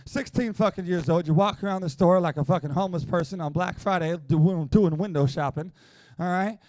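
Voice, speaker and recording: Brash high-voiced male stand-up comic. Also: a little fast, no echo. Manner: brash, loud, swearing, bursts into shouts. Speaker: stand-up comedian. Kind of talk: profane stand-up routine. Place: small live comedy venue.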